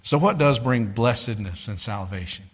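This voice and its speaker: A man's voice: medium pitch, animated, normal speed, a bit bright, breathy edge. A man preaching a sermon in a conversational way, talking to listeners as "guys" and telling stories from his street witnessing. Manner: tells street witnessing stories, voices others in quotes.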